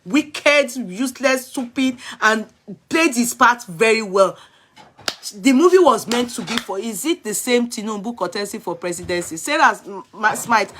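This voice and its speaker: Nigerian woman, Yoruba-tinged accent, a touch high-pitched; blunt, emphatic live-stream host. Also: fairly bright tone. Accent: Nigerian, Yoruba-inflected. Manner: blunt, emphatic, answers viewers' comments directly. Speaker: vlogger reviewing films. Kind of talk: casual live-stream chat.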